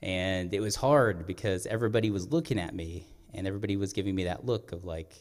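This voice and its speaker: A man's voice: low voice, darkish tone. A young man, a storyteller, telling a personal story on stage in an earnest, reflective way. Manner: earnest, reflective, pauses and clears throat. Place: performing arts center stage. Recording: long hall reverb.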